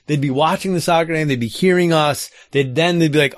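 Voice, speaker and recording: A man's voice: a little high, brisk, no room sound, studio quality. A man co-hosting a podcast, joking and teasing his co-host in casual banter. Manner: teasing, sarcastic.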